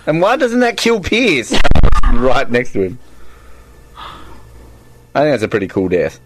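A man co-hosting a casual movie commentary, joking and quick to laugh. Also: medium pitch, wildly swooping pitch. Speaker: podcast co-host.

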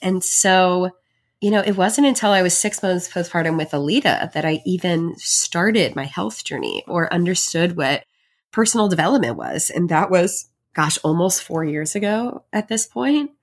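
On her personal podcast, a pregnant host talks at a moderate pace in an expressive, lowish voice. She sounds reflective and sincere, chatting away with plenty of filler words.

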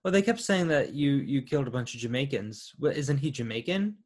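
A man's voice: mid-range voice, animated, brisk, darkish tone. A man co-hosting a casual film review chat, laid-back with dry quips. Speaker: podcast co-host.

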